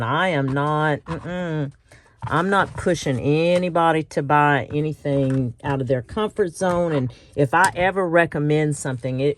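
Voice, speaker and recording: A middle-aged woman with a low voice hosts a casual crafting tutorial on her channel, chatting, poking fun at herself, and laughing often. There's a little hiss or hum in the audio.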